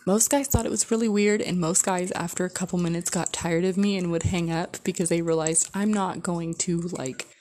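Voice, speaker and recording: A woman's voice: fairly low pitch, fairly even intonation, fairly quick, few pauses, darkish tone. A woman vlogger telling a casual storytime, chatty and rambling with lots of filler words.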